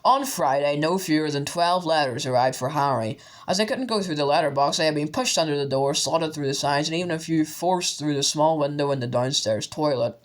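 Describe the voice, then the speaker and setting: A man narrating an audiobook with steady storytelling. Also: fairly high pitch, brisk, hardly any pauses.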